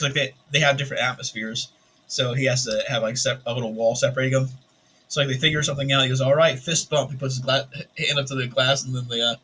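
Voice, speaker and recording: Male co-host, casual, halting teller, faint noise. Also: medium pitch, bright, forceful tone. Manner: halting storyteller, many restarts. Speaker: co-host artist. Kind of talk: casual stream chat.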